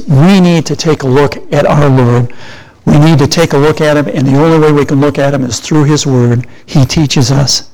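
A man's voice: fairly high pitch, darkish tone, low-quality recording. An older man preaching a sermon in a conversational way, often asking and answering his own questions.

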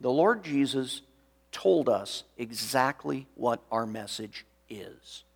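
A man preaching a sermon in a slow, measured way, reading scripture aloud. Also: medium pitch, lively intonation, creaky, breathy edge. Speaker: pastor.

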